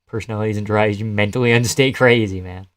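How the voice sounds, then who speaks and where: A man's voice: on the low side, steady tone, fast, clear, resonant tone. Laughing, swearing young male streamer. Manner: laughs often, swears, answers chat. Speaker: live streamer. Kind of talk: casual live-stream commentary.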